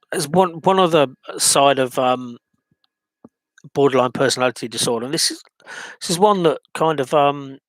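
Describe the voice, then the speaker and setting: A man's voice: medium pitch, a bit bright, no room sound. A man talking alone about his own life, hesitant and reflective, full of ums and restarts. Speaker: vlogger. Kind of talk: personal monologue.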